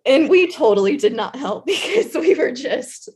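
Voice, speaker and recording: A woman with a Southern US accent spins a story in a relaxed conversational chat. Her voice sits a touch on the high side, and she talks in an animated, chatty way with lots of casual fillers. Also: normal speed. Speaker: guest storyteller, former intervention specialist.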